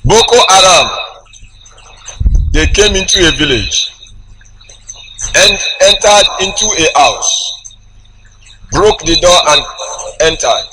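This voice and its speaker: A man preaching a sermon, slow and emphatic, with big swings in pitch as he tells a story. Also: animated. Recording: noisy background with clicks.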